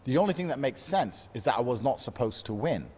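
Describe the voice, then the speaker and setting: A man's voice: mid-range voice, lively intonation, fairly quick, darkish tone, in a large hall. A man in his thirties, a fighter, talking in a brooding, self-pitying monologue laced with swearing. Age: 30s. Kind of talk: emotional monologue.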